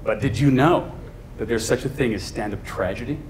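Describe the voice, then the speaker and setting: A man doing stand-up comedy for a live audience, chatty and animated, often laughing at his own jokes. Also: mid-range voice, brisk. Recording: echoey room, audience laughter, noise.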